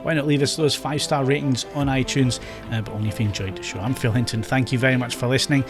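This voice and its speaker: A man hosting a tech podcast, moving from casual chat to a brisk, wry sign-off. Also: mid-range voice, steady tone, loud music behind the voice. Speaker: podcast host.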